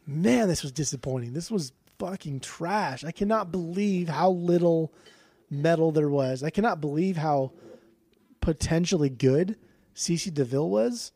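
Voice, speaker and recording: Male podcast co-host, mellow dark voice, blunt and profane, rambling. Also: fairly high pitch, a little slow, breathy edge, dry recording. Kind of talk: casual chat, album review.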